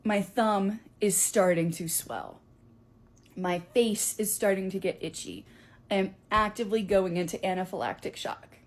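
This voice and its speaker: A young woman telling a story in a casual, animated, chatty way, with many fillers. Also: medium pitch, a little slow.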